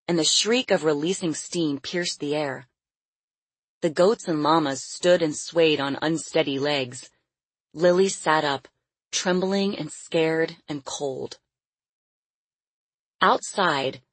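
A woman narrating an audiobook in a steady, measured way. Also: sits low, husky, dry recording.

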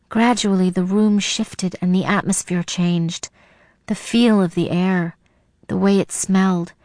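A woman's voice: on the low side, a little mellow, dry recording. A woman narrating a suspense story in the first person, in a tense, dramatic storytelling manner.

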